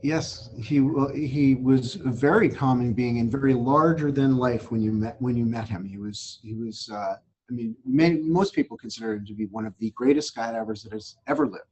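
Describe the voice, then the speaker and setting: A man hosting a casual chat, reflective and calm, often affirming his guest. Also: medium pitch, normal speed, muffled recording. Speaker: host.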